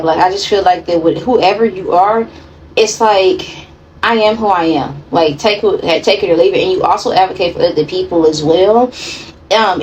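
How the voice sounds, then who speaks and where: A woman's voice: fairly low pitch, darkish tone, a little hiss or hum, low-quality recording. Blunt, slangy woman tarot reader. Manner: blunt, profane, slangy, chatty. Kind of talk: casual pick-a-pile tarot reading.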